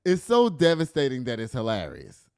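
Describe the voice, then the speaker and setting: Man, casual news podcast host, animated and joking, dry close sound. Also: medium pitch, normal speed, clean tone, no room sound. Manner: animated, laughing, swearing, reads news aloud then riffs.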